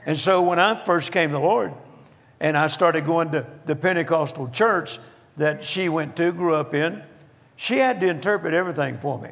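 Older guy preaching, raspy high voice, folksy jokes, big echoey church hall. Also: fairly bright tone. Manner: folksy, jokey, slows down for emphasis. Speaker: guest minister. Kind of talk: humorous storytelling sermon. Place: church auditorium.

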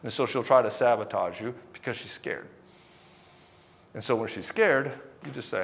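A man with a middle-pitched voice delivers a motivational coaching talk. He speaks bluntly and emphatically, swearing freely as he hammers his points home. Now and then he slips into acting out what a wife or husband might say. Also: normal speed, gravelly, a little hiss or hum. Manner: acts out quoted dialogue. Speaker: relationship coach.

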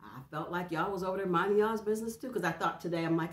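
Low-voiced woman chatting while eating. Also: quick pace, few pauses. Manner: chatty, confiding, talks between bites with hums. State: runny nose. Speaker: mukbang host. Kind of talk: casual storytelling while eating. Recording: roomy echo.

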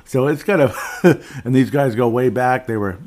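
A man's voice: mid-range voice, moderate pace, a little mellow. A middle-aged man hosting a casual solo sports podcast, rambling and digressive with chuckling asides. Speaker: podcast host.

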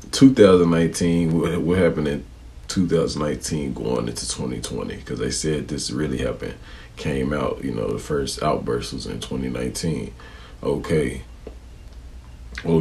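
Man, very deep voice, gravelly, drawling reaction host, preachy asides. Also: normal speed, mellow, slight background noise. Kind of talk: casual reaction commentary.

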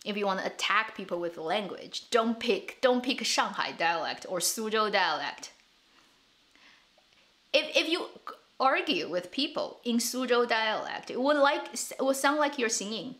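A woman's voice: on the high side, animated, unhurried, a bit bright. Chatty woman. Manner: chatty, laughs often, repeats words as she thinks. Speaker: streamer and show host. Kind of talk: casual live stream chat.

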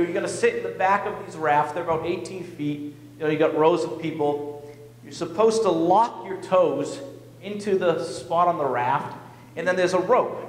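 A male pastor telling a personal story in an animated, self-mocking way during a sermon in a church. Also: high-pitched. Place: church sanctuary. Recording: echoey church hall.

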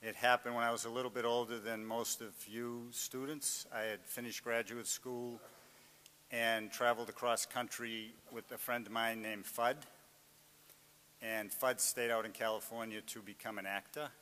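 A man's voice: medium pitch, little pitch movement, moderate pace, pushed and bright, big-room sound. A man with a Boston accent, an author speaking earnestly and restarting his sentences often as he reflects on his life and addresses students. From Greater Boston.

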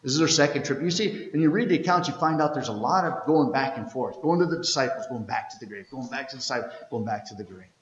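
Pastor preaching in an echoing church. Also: male voice, mid-range voice, fast, hardly any pauses, highs cut off. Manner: storytelling, reading scripture aloud with sudden swings from loud to hushed. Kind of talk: Easter sermon. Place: church sanctuary.

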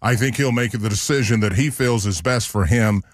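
A man co-hosting sports talk radio, speaking in a calm, measured way. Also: lowish voice, dry recording, clean studio sound. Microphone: studio microphone.

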